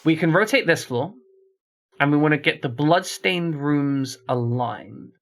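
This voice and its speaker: Gravelly man thinking aloud as he plays. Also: fairly high pitch, animated, a little slow, a bit bright, a little hiss or hum. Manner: thinks aloud while solving a puzzle, chats to viewers. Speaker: streamer. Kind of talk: casual gameplay commentary.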